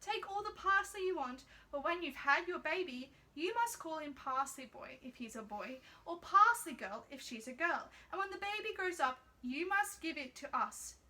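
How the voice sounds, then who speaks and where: A woman's voice: high-pitched, lively intonation, normal speed, hardly any pauses, bright, forceful tone. A woman voicing a greedy witch who poses as a tall nun, speaking in a bossy, commanding way.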